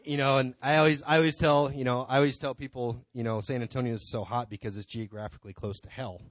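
Speaking from the pulpit of a church sanctuary, a male church member rambles through an informal testimony, drifting into many asides. The recording is dry, and his medium-pitched, steady voice moves at a quick pace.

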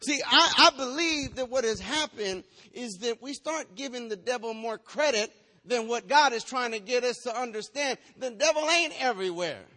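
A man's voice: very high-pitched, expressive, moderate pace, sharp tone, in a large hall. A man preaching a sermon in a church, firing rhetorical questions, teasing the congregation and slipping into a sing-song chant.

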